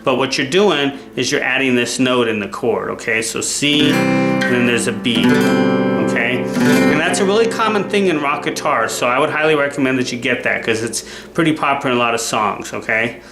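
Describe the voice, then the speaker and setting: A man's voice: mid-range voice, normal speed. Man teaching guitar, checking in with "okay?". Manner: relaxed, repeats "okay?" to check in. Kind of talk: casual instructional talk. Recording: roomy sound with loud guitar playing. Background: guitar playing.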